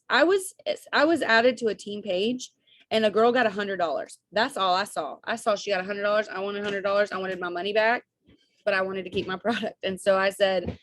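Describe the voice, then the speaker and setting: A young woman coaching her team on a video call, chatty and upbeat, with quick asides and bits of quoted dialogue. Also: mid-range voice, a bit bright, no room sound.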